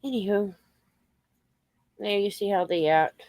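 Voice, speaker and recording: Woman vlogger, blunt and salty, mid-pitched, dry recording. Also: measured pace, darkish tone, no room sound. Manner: coarse, chatty, scolds and coos at dogs. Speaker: vlogger talking to her dogs. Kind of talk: casual chat with pets. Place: home with dogs around.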